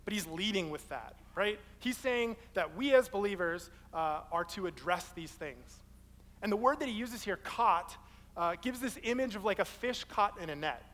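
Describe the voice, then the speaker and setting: A young man preaching a sermon, casual and animated, and telling stories from his own life. His voice sits high for a man. The sound carries the long reverb of a large hall. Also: moderate pace. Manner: casual, animated, acts out quoted people in his story. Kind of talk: sermon with personal storytelling.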